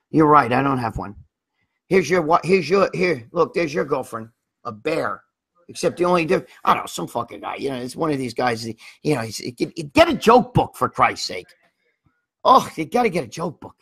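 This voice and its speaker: A man's voice: fairly high pitch, sing-song, brisk, a bit bright, slightly rough. A middle-aged man hosting a livestream, telling crude stories in a rambling, profane way and reading out viewer comments. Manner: profane, rambling, lots of restarts and "you know what I mean". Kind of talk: crude casual storytelling.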